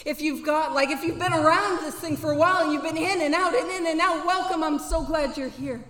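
A woman with a high voice gives a candid, earnest personal testimony to a banquet crowd. She talks to the room directly, now and then breaking into loud whoops. Her voice rings through a large, echoing hall with a long reverb tail. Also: brisk. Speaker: recovery speaker at a banquet.

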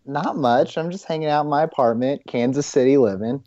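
A man's voice: medium pitch, fairly quick, mellow, no echo. A man calling in to a podcast from his apartment, laid-back and self-deprecating. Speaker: caller, show patron. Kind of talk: casual chat. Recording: dull lo-fi call audio.

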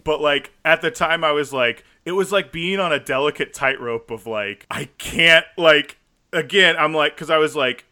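Bright-voiced man, rambling casual chat. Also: on the high side, moderate pace. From United States. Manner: rambling, filler-heavy storytelling. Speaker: podcast co-host.

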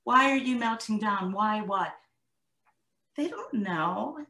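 A woman's voice: a little high, a little slow. Echoey-sounding woman coach telling stories. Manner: animated storyteller, acts out her own and her daughter's lines. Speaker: guest, parenting coach. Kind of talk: conversational podcast interview. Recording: echoey room.

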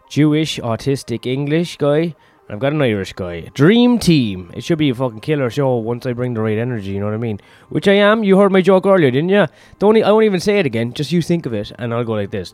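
A run-down man talks into his podcast mic with crude, self-mocking banter, dropping swears every few words. His voice sits at an ordinary middle pitch, with faint music playing underneath. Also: darkish tone. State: tired, run-down. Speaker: comedian podcast host. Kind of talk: rambling solo podcast.

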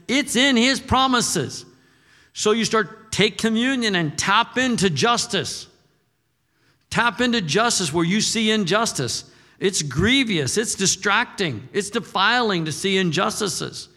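A man's voice: high voice, bright, forceful tone, in a large hall. An older man preaching a sermon as a pastor, moving between fired-up exhortation and folksy storytelling.

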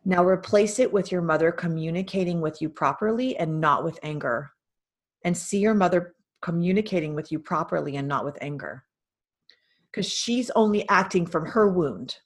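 A woman's voice: on the low side, normal speed. A woman hosting a spiritual healing session, coaching a caller and guiding a visualization with direct, insistent instructions. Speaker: host and spiritual healer.

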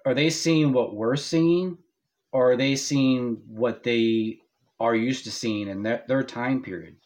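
A man's voice: mid-range voice, slow, darkish tone. A man co-hosting a podcast in casual chat, rambling and hesitant with many restarts. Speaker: podcast co-host.

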